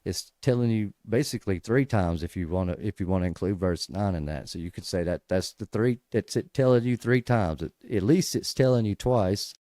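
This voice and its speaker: Male host for a casual Bible study, lowish dark voice, dry close sound, restarts often and then pushes hard on key points. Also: a little fast, hardly any pauses, dry recording. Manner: conversational, many restarts, emphatic bursts.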